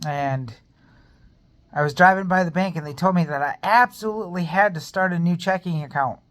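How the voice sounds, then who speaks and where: A man's voice: high voice, moderate pace, fairly bright tone. Earnest rambling man vlogging his faith. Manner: earnest, rambling, speaks openly of his pain. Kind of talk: personal faith testimony vlog.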